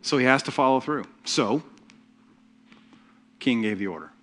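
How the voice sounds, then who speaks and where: A man preaching a sermon as pastor, telling the story with humor and lively asides. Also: medium pitch, moderate pace.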